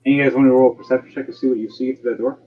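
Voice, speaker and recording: A man's voice: mid-range voice, little pitch movement, racing. A man narrating as game master in a tabletop game, rambling and hesitant, with lo-fi stream audio. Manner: rambling, hesitant, lots of fillers and restarts.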